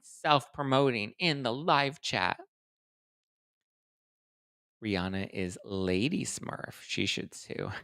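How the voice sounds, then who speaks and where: A man in his thirties hosting a casual livestream, chatting quickly and reading viewer comments aloud. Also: mid-range voice, vocal fry, clean tone, no echo, clean studio sound. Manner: chatty, animated, reads live chat aloud. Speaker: host.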